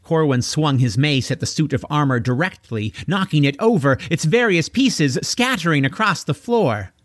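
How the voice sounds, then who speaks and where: Casting: male audiobook narrator, expressive and animated, slightly high voice, dry sound. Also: normal speed, dry recording. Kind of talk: audiobook reading.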